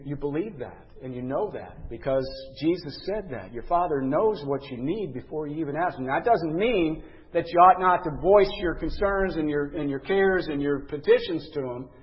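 A man's voice: fairly high pitch, long reverb tail, muffled recording. A man teaching a Bible lesson, earnest and conversational, reading scripture with emphasis.

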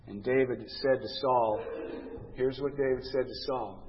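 A man preaching a sermon in a dramatic way, swinging between loud emphatic lines and quiet ones. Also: medium pitch, normal speed, slight background noise. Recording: dull audio in a reverberant hall.

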